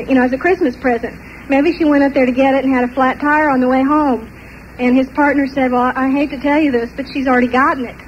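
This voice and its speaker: High-voiced older woman telling a story. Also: muffled recording, slight background noise. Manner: animated, laughs often between parts of the story. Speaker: testimony speaker. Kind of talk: personal storytelling.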